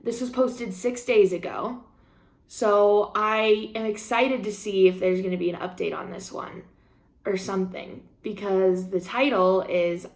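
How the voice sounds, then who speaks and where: A woman's voice: medium pitch, unhurried. Bubbly young woman gushing on a vlog. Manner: bubbly and excitable, swears casually, lots of 'like' and 'um'. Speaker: vlogger and small craft business owner. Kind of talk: casual chatty vlog talk.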